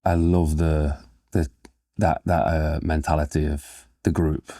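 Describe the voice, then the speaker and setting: A man hosting an interview, asking questions in a halting way with many restarts. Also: extremely low pitch, level tone, dark tone, no room sound, clean studio sound. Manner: halting, restarts often with fillers. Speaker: podcast interview host.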